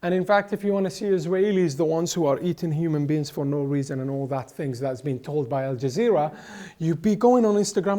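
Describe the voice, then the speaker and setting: A man from the Middle East speaks as an interview guest, emphatic and impassioned, circling back with repeated words and restarts. His voice sits fairly high yet sounds dark and mellow. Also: brisk, hardly any pauses. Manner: emphatic, with frequent restarts and repetitions. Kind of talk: impassioned political commentary.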